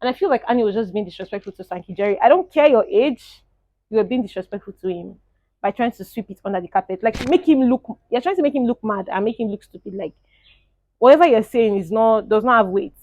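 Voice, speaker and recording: A young woman, giving animated, opinionated casual commentary as a show reviewer and laughing often. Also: a little high, quick pace, dry recording, muffled recording.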